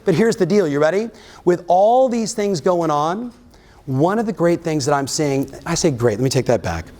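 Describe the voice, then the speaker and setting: A man giving an energetic motivational keynote to a live audience, often firing questions at the crowd. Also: fairly high pitch, normal speed. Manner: energetic, keeps quizzing the audience. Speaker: real estate coach and keynote speaker. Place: live event in front of an audience.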